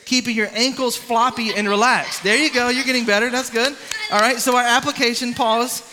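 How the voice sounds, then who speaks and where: A man preaching a lively youth sermon, coaching a volunteer through swimming moves and calling on the crowd. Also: very high-pitched, fairly quick, big-room sound, a little hiss or hum. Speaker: youth pastor.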